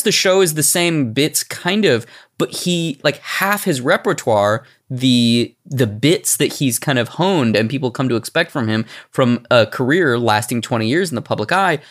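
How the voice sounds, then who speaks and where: A man co-hosting a podcast, talking in a casual, animated and rambling way with lots of restarts. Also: a little high. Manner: animated, rambling with restarts, slips into mock voices. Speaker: podcast co-host. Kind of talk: casual chat.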